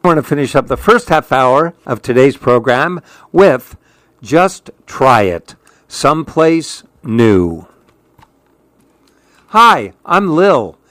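Slow calm guy reading a kids book out loud, dry close sound. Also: mid-range voice, no echo. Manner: gentle, unhurried and even. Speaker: host of a story program. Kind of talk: reading children's stories aloud.

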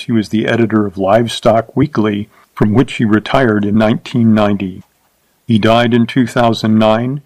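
A man narrating a short story aloud in a steady, measured reading. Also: fairly low pitch, dry recording, low-quality recording.

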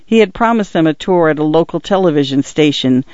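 Brief: male audiobook narrator, slightly higher voice, dry muffled read, measured and expressive. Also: no room sound.

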